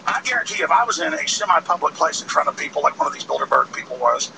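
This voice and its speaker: Gravelly ranting man outdoors. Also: fairly high pitch, animated, rapid-fire. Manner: impassioned, ranting, emphatic. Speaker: host. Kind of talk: fiery outdoor protest broadcast. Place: outdoors by a road. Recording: distant mic, loud street noise.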